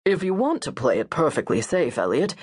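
A man's voice: fairly high pitch, huge pitch swings, a little fast, breathy edge, heavily acted. A woman reading an audiobook, voicing a smug, know-it-all London novelist who speaks with cutting confidence. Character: smug middle-aged London novelist, alpha male.

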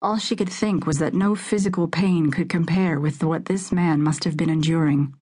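A woman reading a crime thriller aloud in measured, dramatic audiobook narration. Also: deep voice, fairly even intonation, darkish tone, husky.

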